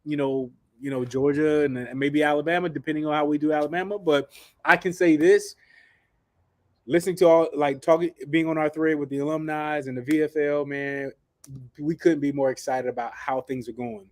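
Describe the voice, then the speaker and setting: A man chatting casually as a panelist, excitable and quick to restart his sentences. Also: a little high, dry recording, studio quality. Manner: excitable, stumbles and repeats words. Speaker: show panelist, former player. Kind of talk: casual chat.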